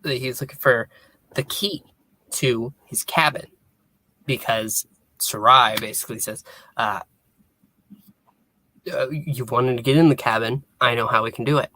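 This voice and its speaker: A podcast co-host calmly summing up an episode's scenes, with small hesitations and quoted lines. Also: medium pitch, a little slow, pauses often. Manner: plain storytelling with little hesitations and quoted lines. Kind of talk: casual episode recap chat.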